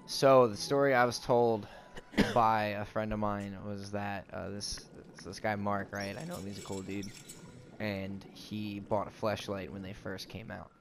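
A man's voice: fairly low pitch, level tone, measured pace, a little hiss or hum. A young man casually telling a rambling story, full of fillers and swearing, while playing a game with friends. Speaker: let's play co-host. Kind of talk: casual storytelling over gameplay. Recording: game music faintly behind.

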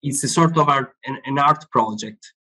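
In a live online discussion, an author being interviewed explains his ideas, often repeating words as he hunts for the right phrasing. His mid-range voice is husky with a sharp tone, moving at a moderate pace, and the audio quality is poor.

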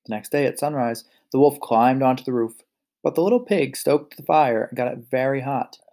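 Male storyteller, mid-pitch, gravelly, relaxed read-aloud with casual asides. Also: moderate pace. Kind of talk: reading a picture book aloud.

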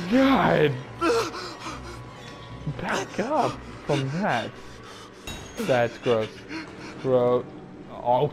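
A man's voice: a little high, noisy background. Jumpy young man in horror game commentary. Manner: jumpy, panicky, swearing, lots of "no, no, no". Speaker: let's play gamer.

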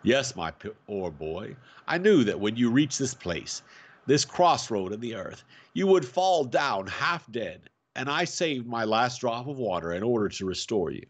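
Man voicing an obstinate elderly professor: animated swings, gentle then menacing. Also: medium pitch, measured pace. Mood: tender. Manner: tender then harsh and menacing. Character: old male professor, stubborn, fiercely determined. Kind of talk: reading a novel aloud.

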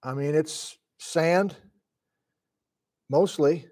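A man's voice: fairly high pitch, extremely slow, a little mellow. A middle-aged man from Wisconsin, a sleep-deprived geology lecturer, thinking aloud in a flustered, casual live-stream lesson. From Wisconsin, USA.

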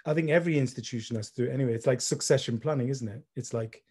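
A middle-aged man, speaking reflectively and softly as a panel speaker on a video call. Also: mid-range voice, racing, slightly rough. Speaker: panel speaker, gallery director. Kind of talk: online panel discussion.

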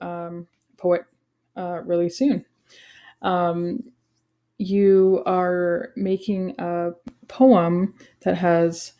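A woman in her forties explaining a lesson to students in a relaxed, casual way, with frequent ums and self-corrections. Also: on the low side. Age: 40s. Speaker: teacher.

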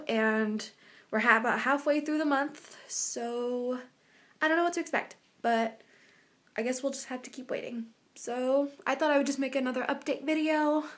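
A woman in her twenties vlogging casually in her bedroom, rambling with lots of fillers. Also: high voice. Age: 20s. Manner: chatty, rambling, filler-heavy. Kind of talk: casual confessional vlog.

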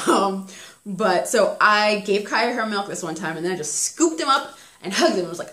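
Young woman, chatty, laughing often, mid-range pitch, roomy echoey sound. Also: animated, moderate pace, a bit bright. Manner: chatty, laughs often, acts out her kids' voices. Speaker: parenting vlogger reviewing a book. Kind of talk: casual chat. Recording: roomy echo.

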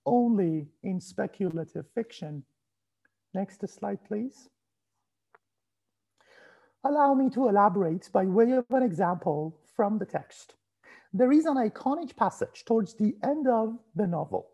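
A man delivers a prepared university lecture over a video call. His voice is mellow and soft-edged, with a light huskiness. He reads in a measured, formal way and stops now and then to ask for the next slide. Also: high voice, creaky. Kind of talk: reading a prepared academic lecture.

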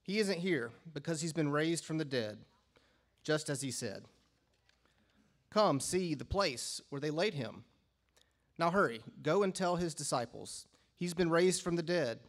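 A man reading a scripture passage aloud in a church service, in a steady, measured way. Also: on the high side. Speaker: scripture reader. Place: church sanctuary.

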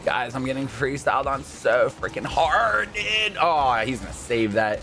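A male gaming host speaks at a measured pace, soft music in the background, as he calls the gameplay live. He's excitable, his commentary jumping from calm chatter to high yelps.

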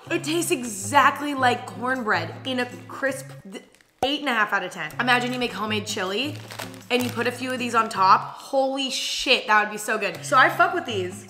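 A woman's voice: on the high side, lively intonation, moderate pace. A young woman in a casual taste-test vlog, blunt and candid, swearing now and then. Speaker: vlogger. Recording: faint music underneath.

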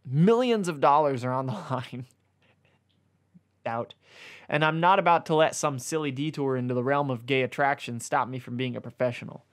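A man reads a comic erotic story aloud in a mid-pitched voice. His delivery stays mostly deadpan, broken by amused asides when he fumbles a word. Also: normal speed. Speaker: reader.

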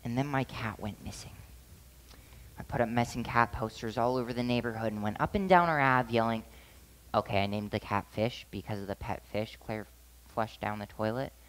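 A man's voice: medium pitch, normal speed, a bit bright, close to an everyday voice, low-quality recording. A student actor playing Aaron, an older sibling narrating his cat's loss, on a school theatre stage. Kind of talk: high school stage play.

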